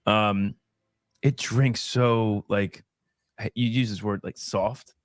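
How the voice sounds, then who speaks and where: A man's voice: fairly low pitch, takes it slowly, no room sound, clean studio sound. A man hosting a live whiskey tasting show, chatting casually and laughing often. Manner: jokey, laughs often, excitable. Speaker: show host.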